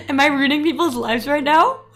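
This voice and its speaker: A woman streamer chatting casually and telling animated stories, laughing often. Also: high voice. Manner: giggly, animated storytelling with frequent laughs. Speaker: VTuber streamer. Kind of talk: casual livestream chat.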